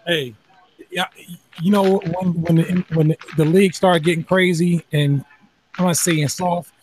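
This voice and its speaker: A man from the New York area, talking sports in an emphatic, animated, casual way with some swearing. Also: a little high, measured pace, a little hiss or hum. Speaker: podcast panel host.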